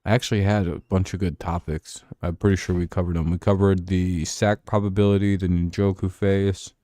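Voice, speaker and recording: A man's voice: sits low, little pitch movement, moderate pace, warm tone, dry recording, clean studio sound. A man hosting a casual football talk show, ranting and sarcastic with plenty of swearing. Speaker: host.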